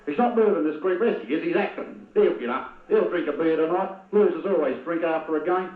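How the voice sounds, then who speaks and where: A man's voice: a little high, brisk, reverberant, narrow, tinny audio. Partisan Australian man calling local football. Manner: excitable, partisan, talks to players directly. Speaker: football commentator. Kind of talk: amateur local match commentary.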